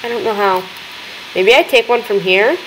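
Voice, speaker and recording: A young woman hosting a gaming video, chattering excitedly as she plays and talking to the characters on screen. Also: medium pitch, normal speed, a little hiss or hum, low-quality recording. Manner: excitable, gasping, talks to game characters. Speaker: gaming channel host. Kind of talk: let's-play commentary.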